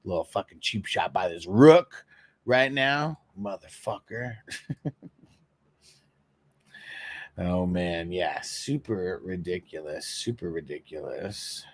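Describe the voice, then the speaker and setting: A man hosting a casual fantasy football live stream, reading viewer comments aloud, cursing freely and laughing often, sometimes animated and sometimes mumbling low. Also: slow, long pauses. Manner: profane, laughing, swings between animated and mumbling. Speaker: fantasy football podcast host.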